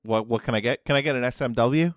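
Impatient, wisecracking player, mid-pitched man, dry sound. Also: fast, dry recording. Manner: sarcastic, profane, impatient. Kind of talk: casual tabletop play.

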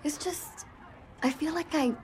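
A woman's voice: sits high, unhurried, a little mellow, a little hiss or hum. An actress playing a young woman who dreams of vlogging fame in a scripted comedy scene, talking earnestly. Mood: dreamy.

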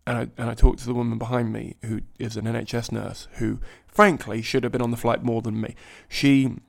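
Man, gravelly, fairly flat delivery, swears freely while spinning a self-mocking story. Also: mid-range voice, fairly quick. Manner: animated, profane, self-mocking. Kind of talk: comic anecdote, conversational.

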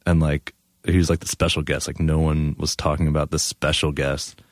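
A man's voice: extremely low pitch, level tone, moderate pace, no room sound, clean studio sound. A young man, a guest, telling laid-back stories in casual chat, laughing often.

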